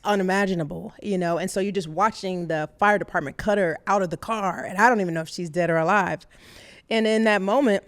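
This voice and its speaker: She talks like a guest in casual conversation, candid and chatty, often laughing at her own story. Her voice sits at an ordinary middle pitch for a woman. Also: a little fast. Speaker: radio host appearing as podcast guest.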